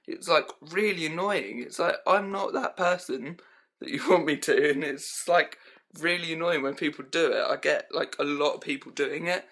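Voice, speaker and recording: This young vlogger's voice is a little high and a bit bright, moving at a normal speed. He casually rants about his pet peeves, rambling with plenty of "um" and "like," recorded on a handheld camera at home.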